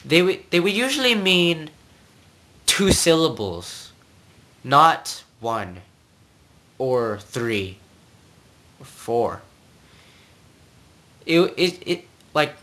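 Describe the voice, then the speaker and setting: This is an amateur tutor talking through a casual lesson at a slow, unhurried pace. The voice is bright and clear, recorded on a simple home mic, and the delivery rambles, restarts phrases and keeps asking "okay?". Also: mid-range voice. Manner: rambling, repeats words and keeps checking in with "okay?".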